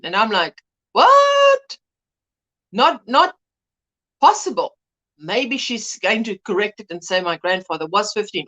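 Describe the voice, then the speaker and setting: A woman's voice: medium pitch, a bit bright. A woman hosting a casual livestream chat, greeting viewers by name and laughing often. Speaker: livestream host.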